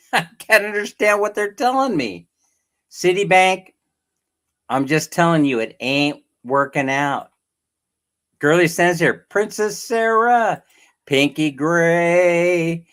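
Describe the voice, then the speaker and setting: A man's voice: on the high side, animated, slow, a bit bright. A middle-aged man from California with a Californian accent, rambling and laughing as he hosts a casual livestream and greets viewers by name. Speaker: livestream host. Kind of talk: casual live-stream chat with viewers.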